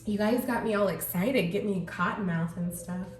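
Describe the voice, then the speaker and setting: An excitable woman reading tarot cards for her viewers, gushing over each card with gasps and a constant stream of "like". Her voice carries an echo from the room, with a faint hum of ambient noise behind it. She sits at a mid pitch for a woman. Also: normal speed. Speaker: tarot reader.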